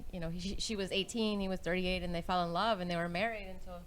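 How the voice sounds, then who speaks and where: A woman guest on a talk show, soft-spoken and quick to laugh, in casual chat. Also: fairly low pitch, steady tone, slight background noise, low-quality recording.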